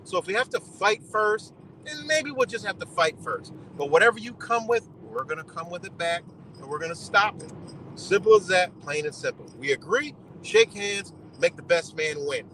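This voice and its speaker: A man's voice: high voice, lively intonation, moderate pace, bright, forceful tone, a little hiss or hum, rough recording. A man on a live stream giving blunt, profane commentary, lecturing his audience in a loose, heated rant.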